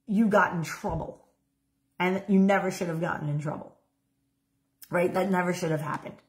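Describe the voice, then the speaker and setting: Chatty woman coach, lower voice. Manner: casual, animated, with frequent "like" and "right?". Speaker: dating and relationship coach. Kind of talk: coaching talk with a demonstration role-play.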